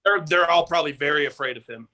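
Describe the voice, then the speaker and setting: A slightly higher-pitched man with a bright, forward voice, talking as a guest in a loose chat. He jokes dryly and piles up comic exaggerations. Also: fast talker, poor audio. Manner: dry, joking exaggeration. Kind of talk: casual chat.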